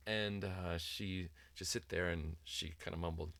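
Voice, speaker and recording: A middle-aged father and author chats at length about raising kids while discussing his parenting book, in a casual, reflective way. He rambles with plenty of ums and restarts and mimics sing-song voices when quoting. His voice is low, gravelly, a bit bright and level in tone, a little slow, with no echo.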